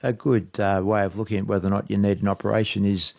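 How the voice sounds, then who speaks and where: Male medical guest, low gravelly monotone, measured explanations, dry sound. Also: no echo. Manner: measured, explanatory, repeats words. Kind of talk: radio expert advice.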